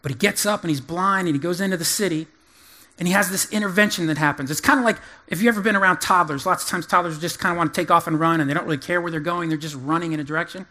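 High-voiced man preaching a folksy sermon. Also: rapid-fire. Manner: animated, emphatic, folksy humor. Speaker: pastor.

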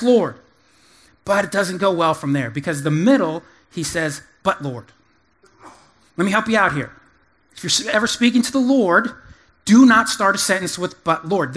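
High-voiced man preaching a folksy sermon. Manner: animated, emphatic, folksy humor. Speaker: pastor.

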